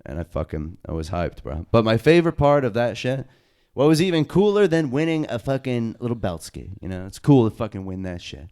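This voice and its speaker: A young man, a podcast co-host and wrestler, telling stories in loose, excited, profane casual chat. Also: medium pitch, brisk, few pauses, clean tone. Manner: loose, excited storytelling full of slang and swearing.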